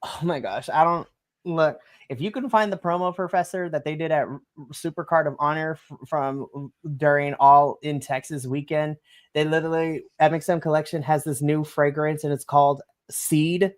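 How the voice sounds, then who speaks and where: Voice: mid-range voice, fairly even intonation, moderate pace. An enthusiastic podcast co-host recapping wrestling in a rambling, giggly casual chat on a home stream mic. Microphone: home mic on a live stream.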